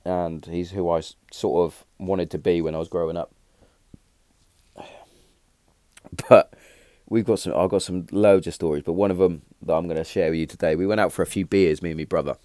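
Bloke, thirties, very low voice, dry close sound, rambling storyteller. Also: male voice, normal speed, long pauses, no room sound. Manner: rambling, animated when telling a punchline, frequent restarts and fillers. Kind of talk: casual storytelling.

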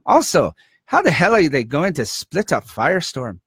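A man's voice: fairly high pitch, huge pitch swings, moderate pace, husky, dry recording, studio quality, pitched above the performer's own voice, full character voice. A man reading a fan's post aloud in an exaggerated, joking mock-Scottish accent. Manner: hammy, jokey read-out.

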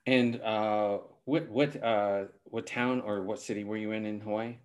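A man's voice: on the low side, fairly even intonation, unhurried, clean tone. A man hosting a casual game show over a video call, thinking aloud and hesitating often.

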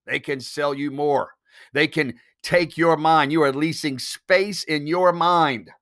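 A man's voice: fairly high pitch, steady tone, slow pace, fairly bright tone. A man hosting a solo podcast, talking bluntly and emphatically, swearing freely and firing off rhetorical questions. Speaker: podcast host.

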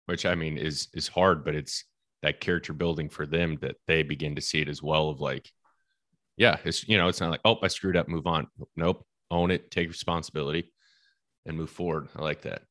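A man's voice: extremely low pitch, fairly even intonation, brisk, sharp tone, dry recording, studio quality. A man hosting a podcast interview, chatty and encouraging, often affirming his guest. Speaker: podcast host. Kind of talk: casual interview talk.

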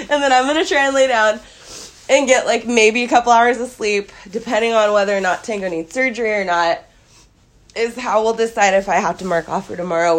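A woman in her thirties, sick with a cold and sniffly, telling a stressful story in a casual vlog, profane and rambling, laughing through it. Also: on the low side. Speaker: vlogger.

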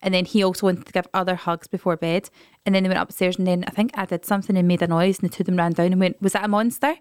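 A woman in her thirties chats quickly and animatedly, slipping into her children's voices as she tells stories. The sound is close and dry, with no room behind it. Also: fairly low pitch, clear, resonant tone, dry recording. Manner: lively storytelling, acting out her kids' voices. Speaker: podcast co-host. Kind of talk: casual chat.

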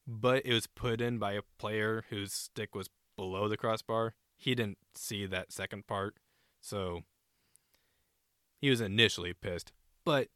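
A man co-hosting a casual sports podcast, animated and a bit profane, often acting out players' shouted lines. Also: fairly low pitch, no echo, studio quality. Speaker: co-host.

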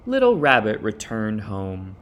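A man reading a children's story aloud with an expressive delivery. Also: fairly low pitch, a little hiss or hum. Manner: expressive, unhurried. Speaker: reader.

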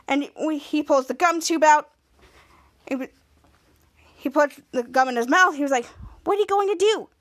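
Lady podcaster recapping a show, high voice, keeps restarting sentences. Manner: rambling run-on retelling with many restarts; quotes characters in a raised voice. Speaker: podcast host. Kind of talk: casual episode recap.

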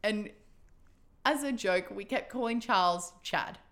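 Giggling often, a podcast co-host shares animated stories in casual conversation. She has a mid-range voice and talks a little slowly.

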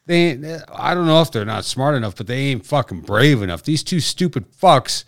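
A man's voice: medium pitch, lively intonation, fairly bright tone, no room sound, studio quality. A man from North Dakota co-hosting a podcast, chatting bluntly and profanely and teasing his co-host. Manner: profane, blunt, quick to tease. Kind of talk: casual crude podcast banter.

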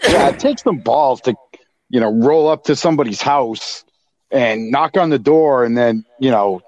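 A man's voice: mid-range voice, animated, normal speed, darkish tone, dry recording. A man chatting casually on a podcast, laid-back and laughing, telling anecdotes. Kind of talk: casual profane chat.

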